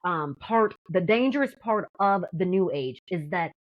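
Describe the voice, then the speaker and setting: A woman sharing her personal faith testimony in a casual, animated way, acting out what people said with lots of "like" and fillers. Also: lowish voice, measured pace, muffled recording. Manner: animated, acts out quotes, frequent "like". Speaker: testimony guest.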